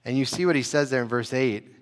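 A man's voice: mid-range voice, fast. A man preaches a sermon in an easy, conversational manner, stopping now and then to restart a phrase. His voice sits in the middle of the range. The sound rings out with the long reverb of a big hall. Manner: conversational, frequent "you know" and restarts. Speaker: pastor.

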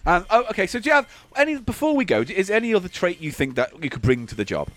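A man's voice: sits high, sing-song, a bit bright. A man playfully running a mock job interview in improvised comedy. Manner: playful interviewer, quick back-and-forth.

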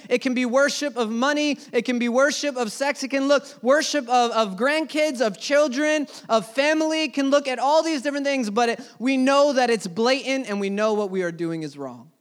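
Young guy preaching, real high voice, goes quiet then loud telling a story. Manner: earnest storytelling, dropping soft and rising loud. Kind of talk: sermon.

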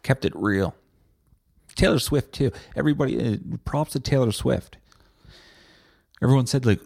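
A man's voice: on the low side, normal speed, vocal fry, darkish tone, no echo, studio quality. A man hosting a solo podcast, ranting bluntly and sarcastically with plenty of swearing. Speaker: podcast host.

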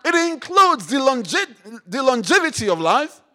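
A man preaching a sermon, repeating phrases, firing questions at the congregation and rising to shouts. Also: very high voice, very animated, moderate pace. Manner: call-and-response, repeats phrases, rises to shouts; rhetorical questions to the audience.

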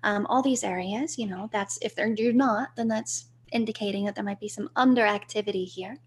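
A woman speaking as a podcast guest in a flowing, searching way, with a slight vocal fry. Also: medium pitch, brisk. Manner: flowing, spiritual, searching for words. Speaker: guest, voice coach. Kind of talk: podcast interview.

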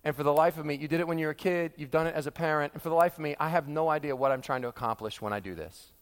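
A middle-aged male pastor preaching a sermon, animated and acting out quoted voices with humor. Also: a little high, rapid-fire, smooth. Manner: animated, acts out quoted voices, laughs with the audience. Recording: long hall reverb.

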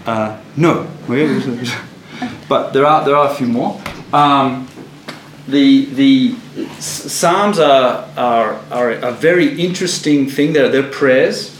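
A man's voice: medium pitch, slow pace. A man leading a casual Bible study, chatty and laughing, often restarting his sentences. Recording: echoey room with faint noise.

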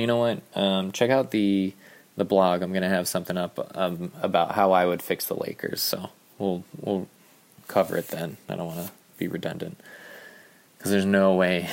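A man with a deep, gravelly voice hosts a casual sports podcast. He talks in a loose, rambling way, full of ums and quick asides. He sounds a little out of breath. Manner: rambling, offhand, many ums. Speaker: podcast host.

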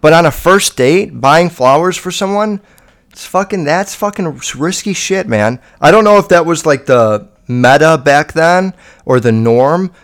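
Brief: young male podcaster, slightly high voice, swears constantly, loose and rambling. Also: expressive, measured pace. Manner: profane, rambling, lots of fillers. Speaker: podcast host. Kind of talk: casual podcast monologue.

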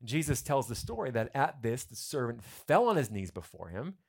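A man's voice: mid-range voice, big pitch swings, normal speed, gravelly, slightly rough. A male pastor giving a conversational sermon, retelling a story with humorous asides to the congregation.

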